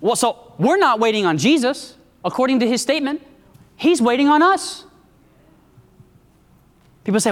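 A woman's voice: expressive, normal speed, long pauses. Woman preaching in a reverberant hall. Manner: call-and-response, asking the congregation for amens; swings from high emphatic lines to low hushed ones. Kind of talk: sermon.

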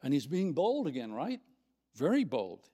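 A man teaching a Bible study in a reflective way, reading scripture aloud and pausing to find his place. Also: on the high side, huge pitch swings, mellow, husky.

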